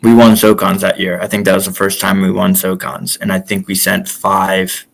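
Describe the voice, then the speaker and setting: Guest: young adult male, former college wrestler, lowish voice, lively anecdotes with acted quotes. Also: moderate pace, vocal fry, low-quality recording. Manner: animated, acts out quotes in stories. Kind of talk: casual storytelling.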